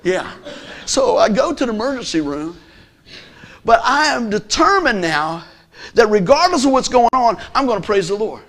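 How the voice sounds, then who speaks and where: A man giving a lively spoken testimony, telling a story with acted-out quotes and swinging from loud bursts to hushed lines. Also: high voice, moderate pace. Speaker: gospel musician giving testimony. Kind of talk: animated testimony sermon.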